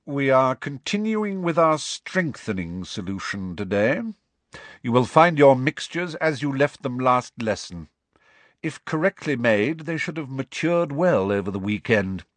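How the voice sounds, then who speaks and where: A cold, sneering male potions teacher, voiced by a man reading aloud. He drags out each word with slow, icy disdain, pitched noticeably above the reader's own voice. The recording is dry and close. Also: very animated, dry recording. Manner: slow, drawn-out, sneering delivery.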